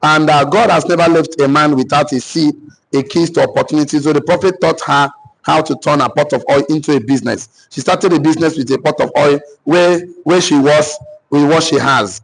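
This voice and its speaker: A Nigerian man with a somewhat high, husky voice, teaching like a preacher. He repeats each key phrase slowly for note-taking, then presses on with emphasis. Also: low-quality recording. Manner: preacher-like, cites scripture. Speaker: business mentor. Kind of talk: motivational teaching session.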